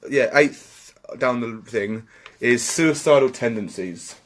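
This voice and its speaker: A man's voice: mid-range voice, slow pace. A man, co-hosting a podcast in casual chat, sweary and sarcastic. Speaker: podcast co-host.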